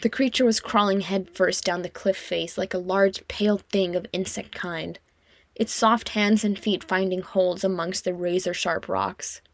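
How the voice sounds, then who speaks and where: A woman reading fiction aloud as an audiobook narrator, in an expressive storytelling manner. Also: medium pitch, measured pace, creaky, no echo. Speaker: audiobook reader.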